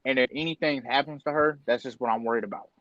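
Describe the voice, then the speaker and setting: A man's voice: medium pitch, steady tone, quick pace, a bit bright, no echo, muffled recording. Young man telling a heartfelt story. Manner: emotional, candid storytelling with slang. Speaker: podcast co-host. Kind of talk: casual podcast chat.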